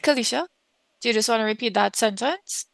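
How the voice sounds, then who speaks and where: A woman's voice: fairly high pitch, a little fast, creaky, no room sound. A woman teaching an online French class, encouraging her students and mixing English with French phrases.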